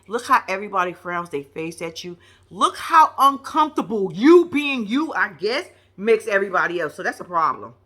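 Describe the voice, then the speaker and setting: A woman's voice: mid-range voice, moderate pace. Blunt, profane woman recapping TV. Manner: blunt, profane, animated storytelling. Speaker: reality TV commentator. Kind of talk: casual recap commentary.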